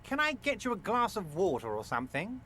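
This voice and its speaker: An oily, jovial union boss. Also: male voice, high-pitched, wildly swooping pitch, brisk, sharp tone, a little hiss or hum, heavily acted. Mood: mocking concern. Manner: oily and falsely reassuring. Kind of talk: game voice acting. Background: game music.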